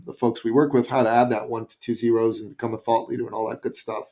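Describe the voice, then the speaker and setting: A middle-aged man from Canada tells a story as a podcast guest. He speaks in an animated way with a mid-range voice. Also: mid-range voice. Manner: animated, acts out quoted voices.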